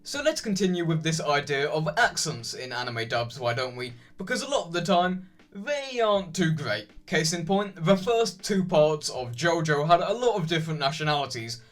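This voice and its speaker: Young male video essayist; chatty, opinionated, a touch high-pitched. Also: big pitch swings, moderate pace. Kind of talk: scripted video essay narration.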